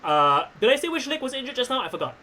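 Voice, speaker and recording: High-pitched man running a wrestling game. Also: big pitch swings, pushed and bright. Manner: playful, swearing, quick to joke. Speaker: game master. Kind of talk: narrating a tabletop wrestling game.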